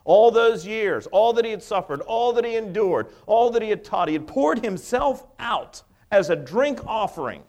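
A man's voice: high voice, animated, normal speed, hardly any pauses, a little mellow. A middle-aged male pastor preaching a sermon, emphatic, with many rhetorical questions.

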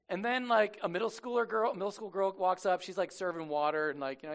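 A lively, slangy preacher man. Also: sits high, fast, vocal fry, hardly any pauses. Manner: lively storyteller, slangy, acts out quotes. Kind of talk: casual conversational sermon.

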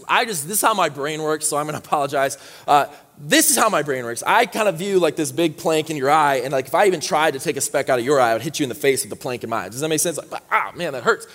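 A man preaching a sermon as pastor, moving from quiet scripture reading to loud, high exhortation. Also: long reverb tail.

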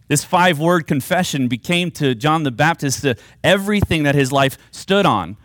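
A man preaching a sermon, earnest and emphatic, with dramatic pauses on key phrases. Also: high-pitched, expressive, a bit bright, no echo, clean studio sound. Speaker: pastor.

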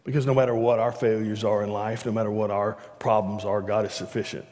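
A man's voice: on the low side, little pitch movement, fast, a little mellow, long reverb tail. A man preaching a sermon in a church, conversational, stumbling over restarts and rising animatedly at key points. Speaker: pastor. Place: church sanctuary.

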